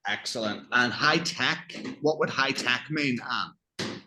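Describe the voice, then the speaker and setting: Male teacher, patient and encouraging, bright clear voice. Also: mid-range voice, takes it slowly. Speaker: English teacher. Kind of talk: classroom vocabulary review.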